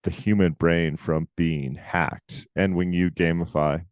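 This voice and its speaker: A man co-hosting a podcast in casual chat, talking emphatically with quick asides. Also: low voice, fairly even intonation, a little mellow, dry recording. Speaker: podcast co-host.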